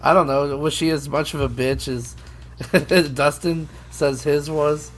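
A man's voice: fairly high pitch, fairly even intonation, a little slow, slight background noise. A man joking and laughing his way through casual podcast banter. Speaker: podcast co-host.

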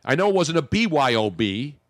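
Philly guy running a radio show, animated and jokey, dry close mic. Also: on the high side, a little fast, no room sound. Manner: animated, jokey, talks over co-host. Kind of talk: casual radio banter.

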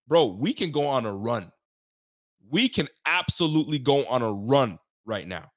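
A man's voice: mid-range voice, fairly bright tone, no echo, studio quality. A man from Canada who grew up speaking French and Creole, hosting a post-game show in a hyped, joking, trash-talking way. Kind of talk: casual sports talk stream.

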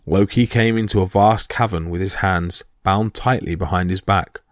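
A man narrating myth stories in a steady, vivid storytelling manner. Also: deep voice, normal speed, dry recording, studio quality.

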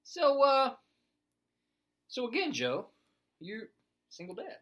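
Male co-host, very animated intonation, playful interviewer who drops lyrics into the chat. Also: extremely high pitch, slow. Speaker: podcast co-host asking questions. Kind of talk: comedic podcast chat.

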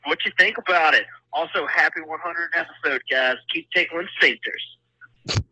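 A brash, hyped man calls in to a podcast and leaves a voicemail. His voice sits high and sounds piercingly bright. The phone line makes it dull and lo-fi. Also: moderate pace, husky, dry recording. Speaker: voicemail caller.

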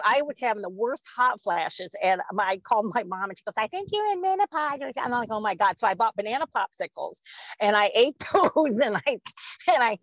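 A woman's voice: medium pitch, fairly bright tone, dry recording, lo-fi sound. A woman in her forties in casual podcast chat, rambling and laughing often as she talks. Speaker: podcast co-host.

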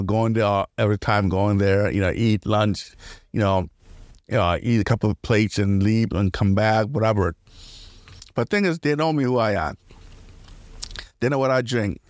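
A man's voice: on the low side, steady tone, unhurried, long pauses, no echo. Rambling man on a dry podcast mic. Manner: rambling, laughs often, restarts a lot. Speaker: podcast host. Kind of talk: casual solo podcast rambling.

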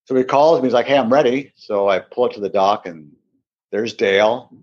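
A man's voice: mid-range voice, moderate pace. A man, a podcast guest, telling a long casual anecdote and acting out the people in it. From Seattle area. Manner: animated anecdote, acts out quoted voices. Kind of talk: casual storytelling. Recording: dull lo-fi sound.

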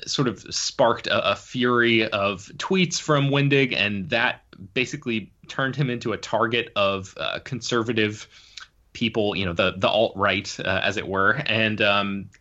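Bright-voiced man explaining film news. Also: fairly low pitch, measured pace, muffled recording. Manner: explains at length, many fillers and restarts. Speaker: senior writer, podcast co-host. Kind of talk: casual podcast chat.

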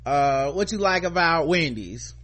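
A man's voice: on the high side, lively intonation, a little slow, fairly bright tone. Mock-indignant joking male podcast host. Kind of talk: casual chat.

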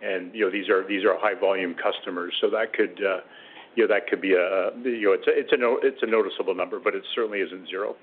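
A man's voice: low-pitched, fairly even intonation, quick pace, breathy edge. A man speaking as a company executive on an earnings call, hesitant and full of fillers. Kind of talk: conference call answer. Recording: tinny phone line.

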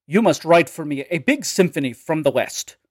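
A man's voice: fairly high pitch, expressive, normal speed, husky, dry recording, studio quality. A man voicing an older conductor with a heavy put-on Russian accent, speaking in a commanding, emphatic way. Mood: grandly insistent.

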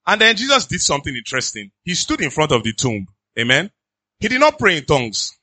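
A pastor with a Nigerian accent preaching in an animated, conversational way, slipping into pidgin asides. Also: male voice, a little high, fast, no room sound. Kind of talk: sermon.

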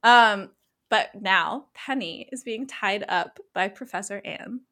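A woman recapping a TV episode in casual podcast chat, animated and frank, swearing freely. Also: mid-range voice, slow pace.

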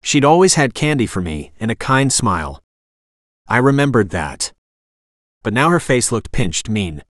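A man reads a first-person audiobook in a wry, expressive way. His pitch sits mid-range but moves a lot. The recording is dry, with no room sound. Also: measured pace, no room sound. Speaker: audiobook narrator.

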